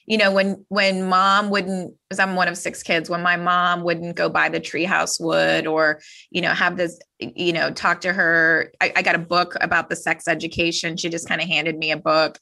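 A woman hosts a podcast in a chatty, effusive way and is quick to empathize. Her voice is lowish and sharp-toned, with a gravelly fry running through it. She talks with a guest over a video call. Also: level tone. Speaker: podcast host. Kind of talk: casual podcast conversation.

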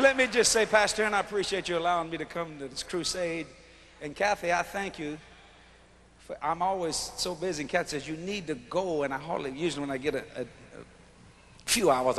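A man preaching at a big revival crusade in a folksy, joking style, shouting lines and then dropping to a low voice. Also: a little fast. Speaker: guest preacher. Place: large arena crusade. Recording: live arena sound with reverb.

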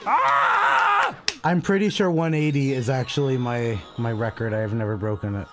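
A man in a casual gaming chat who bursts out with loud exclamations and swearing. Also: medium pitch, fairly even intonation, brisk, music in the background. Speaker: co-host.

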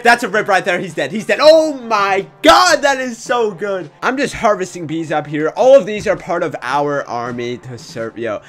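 A young man commentating his own gameplay in a casual, excitable way, often breaking into shouts. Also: high-pitched, normal speed, few pauses. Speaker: gaming YouTuber.

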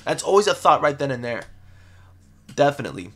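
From his home in the city, a young man hosts a sneaker livestream, chatting casually and reading viewer comments in a laid-back, slangy style with frequent repetition. His medium-pitched voice is sing-song, brisk and a bit bright.

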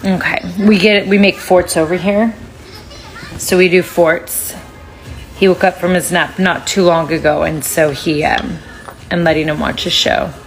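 A woman's voice: lowish voice, fairly even intonation, moderate pace, soft background music. A woman in her thirties chatting casually on a phone livestream at home, switching to a sing-song baby voice for her toddler. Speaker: social media livestream host.

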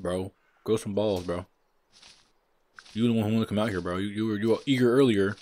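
A man's voice: on the low side, a little fast, darkish tone. A man giving loose, profane let's-play commentary, mocking the game and calling everyone "bro". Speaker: gaming video creator.

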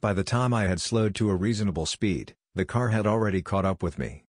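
A man narrating a scripted horror story in a measured, subdued way. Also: fairly low pitch, husky, no room sound, studio quality.

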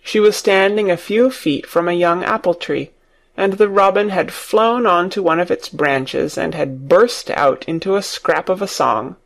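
A man reading an audiobook story aloud for English learners, in a slow, clear narrating manner. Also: sits high.

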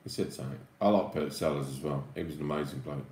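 Man from Luton, London-area accent, deep voice, laid-back banter, roomy sound. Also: racing, darkish tone, a little hiss or hum. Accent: Luton/London English. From Luton, England. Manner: easygoing, dry banter. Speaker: co-host of a livestream. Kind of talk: casual live chat. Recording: echoey room.

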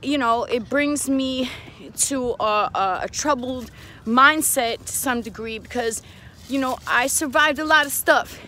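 A woman's voice: fairly high pitch, pushed and bright, a little hiss or hum, poor audio. A woman with a New York accent, vlogging candidly and earnestly to her viewers while out walking with her child, speaking into a handheld phone. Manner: earnest, confiding, talks to viewers directly. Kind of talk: candid personal vlog. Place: outdoors on a walk with her child.

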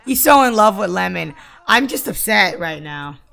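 A woman's voice: mid-range voice, sing-song, moderate pace, creaky, pushed and bright. A woman giving let's play commentary, scolding her game characters aloud in exasperation. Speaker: gaming channel host.

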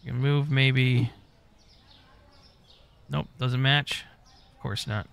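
A man's voice: medium pitch, fairly even intonation, slow pace, creaky, a bit bright, clear, resonant tone. A man giving casual gameplay commentary, muttering to himself as he goes and swearing often. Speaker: gaming YouTuber.

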